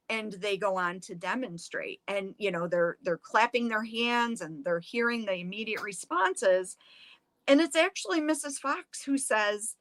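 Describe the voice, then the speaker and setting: A woman's voice: mid-range voice, measured pace, dry recording. A middle-aged woman, a museum director, telling a historical story with drama and acting out the quotes. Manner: animated, acts out the quotes.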